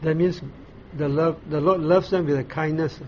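A man preaching a Bible sermon in a fairly high voice, taking his time and stopping to ask the listeners questions. The recording sounds dull and a bit muffled, with a faint hiss underneath. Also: steady tone, a little mellow. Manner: explains slowly, pauses often with "uh", asks the listeners questions. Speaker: pastor.

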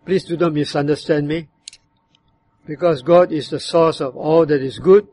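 A man preaching, his voice sitting a little higher than most men's. He explains scripture in a measured, teaching way, now and then acting out how a verse could sound. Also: steady tone, dark tone. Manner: measured, explanatory, acts out bitter and demanding tones when quoting. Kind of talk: sermon on a psalm.

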